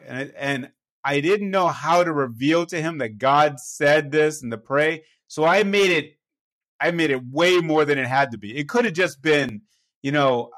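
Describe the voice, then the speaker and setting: A man's voice: fairly high pitch, moderate pace, a bit bright. A man, a pastor, telling a personal story in a conversational, self-deprecating way, often checking in with his listener.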